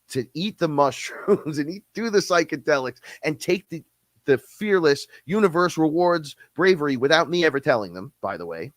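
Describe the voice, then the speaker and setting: A man ranting in a casual, blunt, profane way on a podcast, quick and heated, often slipping into imitations of other people. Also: on the high side, dry recording. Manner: blunt, profane, fast-talking, mimics others. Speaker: podcast guest-host. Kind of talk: casual rant.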